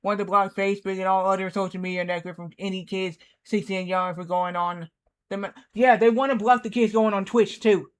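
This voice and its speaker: In his thirties and streaming a game, a man relates a rambling anecdote packed with repetition and acted-out dialogue. His high voice is smooth and steady, moving fairly quickly.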